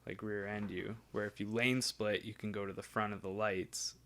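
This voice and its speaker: A man's voice: fairly low pitch, flat delivery, normal speed, fairly bright tone, slight background noise. Man, young adult, laid-back, casual chat, swears offhandedly. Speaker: podcast host.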